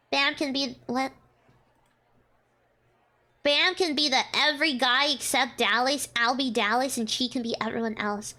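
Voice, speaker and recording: A woman's voice: high voice, takes it slowly, pauses often, sharp tone, faint music behind. A young woman streamer chatting and giggling while she reads a visual novel aloud, switching between reading and reacting.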